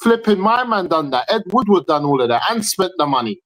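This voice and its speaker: A man's voice: high voice, sing-song, a little fast, a bit bright, low-quality recording. A man arguing his point emphatically in a heated football debate, repeating himself for stress.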